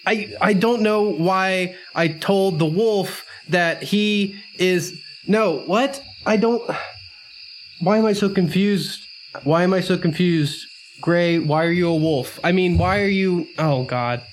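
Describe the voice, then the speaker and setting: A man's voice: high voice, slow, slight background noise, low-quality recording. A man playing a flustered, stammering adventurer. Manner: stammering, confused questions. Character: baffled young male adventurer, flustered. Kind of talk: tabletop role-play in character.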